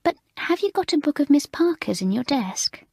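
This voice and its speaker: A woman's voice: high voice, very animated, moderate pace, creaky, a little mellow, no echo, pitched above the performer's own voice, exaggerated voice. A woman voicing a teenage schoolgirl who speaks with exaggerated politeness while barely holding back laughter. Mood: sweetly polite.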